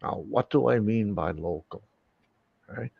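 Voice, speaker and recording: Angry live-stream host, slow-talking with a gravelly voice, cursing nonstop. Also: male voice, lowish voice, no echo, narrow, tinny audio. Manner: angry, swearing constantly, loud outbursts. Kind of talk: profane ranting monologue.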